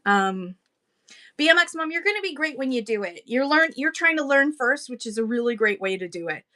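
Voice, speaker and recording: A woman's voice: high-pitched, lively intonation, a little fast, pushed and bright. A woman from Canada hosting a casual live-stream auction, chatty and rambling, greeting viewers by name. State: out of breath.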